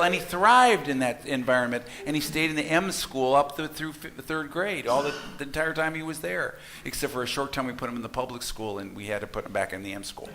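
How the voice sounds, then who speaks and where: A man's voice: mid-range voice, brisk, sharp tone, slight background noise. A middle-aged man, a minister, delivering a folksy, storytelling sermon to his congregation in a church, with asides to the listeners. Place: church sanctuary.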